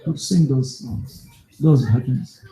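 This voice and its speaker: A male preacher telling a devotional story in a sermon, as an animated storyteller who turns aside to talk to his listeners. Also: mid-range voice, measured pace. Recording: echoey room.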